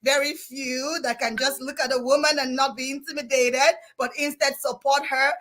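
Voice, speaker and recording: A woman hosting an online conference live, talking effusively and exclaiming, often near shouting. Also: high-pitched, flat delivery, moderate pace, rough recording. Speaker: event host.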